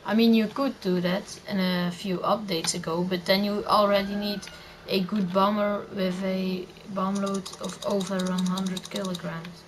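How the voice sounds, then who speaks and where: A woman's voice: mid-range voice, little pitch movement, a little slow, background noise. A teenage girl rambling through casual gameplay commentary and tips, with lots of fillers and self-corrections. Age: teen, under eighteen. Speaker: gamer giving tips.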